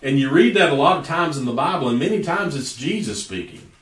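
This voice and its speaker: A man's voice: fairly high pitch, lively intonation, fairly quick, a bit bright. A man preaching a sermon in a folksy storytelling way, stretching out words for emphasis. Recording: echoey room from a distance.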